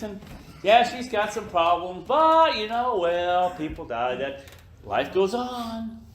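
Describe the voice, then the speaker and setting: An older man giving a slow, emphatic motivational talk to his team in an office meeting room, now and then acting out little scenes in other voices. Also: sits high, very animated, a little hiss or hum. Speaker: business leader speaking to his team. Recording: echoey room.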